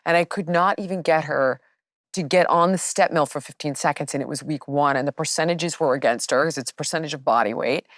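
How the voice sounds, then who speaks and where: A woman's voice: sits low, fairly quick, no echo, clean studio sound. A middle-aged woman fitness trainer hosting a candid chat, blunt and emphatic.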